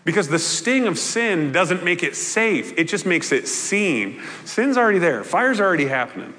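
Male pastor, sermon, bright forceful voice, lively pitch, long hall reverb. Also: normal speed. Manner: animated, conversational, playful asides.

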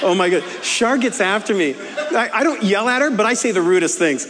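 A man's voice: sits high, lively intonation, slow, long pauses, noisy background. A man preaching a humorous sermon, telling a self-mocking story with frequent laughs. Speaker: pastor. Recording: echoey hall with faint ambience.

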